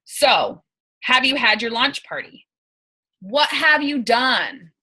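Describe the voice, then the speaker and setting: A woman's voice: high-pitched, lively intonation, takes it slowly, bright, forceful tone, breathy edge, low-quality recording. A young woman leading her team on a video call, giving casual, emphatic coaching and laughing often. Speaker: team leader.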